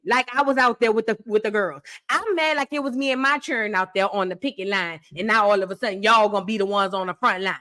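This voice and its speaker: Fiery, high-voiced woman ranting. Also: fast, few pauses, bright, forceful tone. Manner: fiery, profane and emphatic. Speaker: reaction video host. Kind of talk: fired-up reaction commentary.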